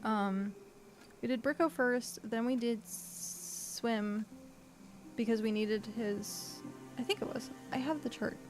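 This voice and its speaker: A woman's voice: fairly high pitch, takes it slowly, soft background music. A woman streaming a game, chatting casually and thinking aloud with lots of fillers. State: hiccuping. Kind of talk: casual gameplay chat.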